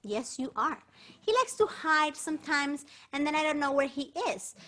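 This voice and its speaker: A woman with a high voice, speaking at a moderate pace, hosts a bilingual children's show as an entertainer. Playful and animated, she converses with a puppet cat and the young crowd.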